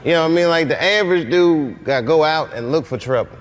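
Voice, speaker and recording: A laid-back man tells stories in a loose talk-show chat, slipping into the voices of people in his anecdotes and laughing between lines. His voice sits a bit high for a man. There is clear hiss and noise all through the recording. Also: fast talker. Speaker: comedian guest. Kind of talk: casual talk-show storytelling.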